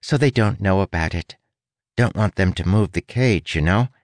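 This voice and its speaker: A man's voice: low-pitched, normal speed, no room sound, close to an everyday voice. A man voicing a wry, chatty male rat in a storybook, his voice pinched and squeezed. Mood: confiding. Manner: teasing, chatty.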